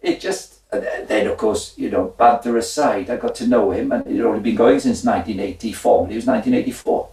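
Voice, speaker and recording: Brief: man in his 60s, gravelly low voice, animated storyteller, echoey room with the mic at a distance. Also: fast talker, hardly any pauses. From Wales. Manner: animated, laughing, acts out his own side of dialogue. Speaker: guest, former footballer and minister. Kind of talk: conversational storytelling.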